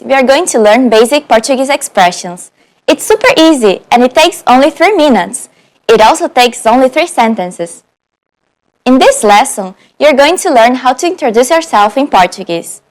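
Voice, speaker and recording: A woman teaching beginner phrases in a high, light voice. She speaks clearly and patiently and slows down to model each sentence. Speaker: language teacher. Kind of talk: on-camera language lesson.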